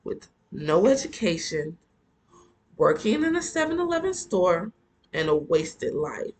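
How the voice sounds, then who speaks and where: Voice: mid-range voice, moderate pace, vocal fry, a little hiss or hum, natural voice, rough recording. A reader voicing a stern, lecturing stepfather. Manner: lecturing, then stiffly apologetic. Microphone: earphone mic.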